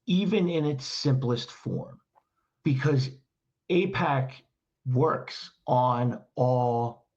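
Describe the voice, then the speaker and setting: A man talks through his ideas in a direct, teacherly way, stacking up rhetorical questions as he goes. His voice sits at an ordinary pitch, and the recording sounds dull and a little lo-fi. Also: very slow, darkish tone. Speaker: communication trainer, guest. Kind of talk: explanatory podcast conversation.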